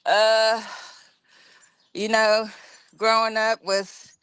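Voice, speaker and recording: A middle-aged woman from West Virginia, a podcast guest telling her life story in a blunt, emotional, halting way. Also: fairly high pitch, flat delivery, fairly bright tone, clear, resonant tone, no room sound. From West Virginia, USA. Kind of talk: candid personal storytelling.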